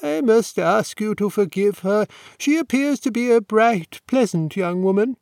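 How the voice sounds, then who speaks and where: A man's voice: sits high, animated, unhurried, gravelly, a little mellow, no echo, studio quality, voice pushed up, full character voice. A man voicing an elderly male college warden, courteous, fussy and apologetic toward a young nobleman, in an audiobook reading.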